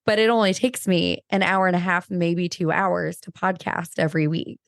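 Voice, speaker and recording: A woman's voice: fairly low pitch, fairly even intonation, moderate pace, creaky, no echo. Chatty woman podcast host, dry sound. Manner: warmly enthusiastic, chatty. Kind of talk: casual interview chat.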